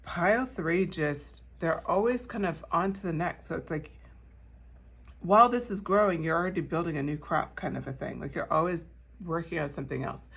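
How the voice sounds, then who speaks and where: Woman tarot reader, casual and reassuring, slightly low voice, mic set back a bit. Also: normal speed, vocal fry, a bit bright, distant mic. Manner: chatty and reassuring, full of fillers and restarts. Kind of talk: casual pick-a-card tarot reading.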